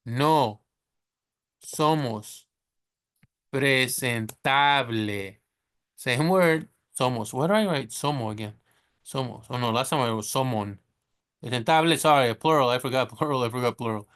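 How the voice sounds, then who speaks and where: A man teaching Spanish in a casual way, chatty and correcting himself, who slows down to sound out each Spanish word. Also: medium pitch, a bit bright. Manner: chatty, self-correcting, laughs at his slips. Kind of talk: casual screen-share lesson.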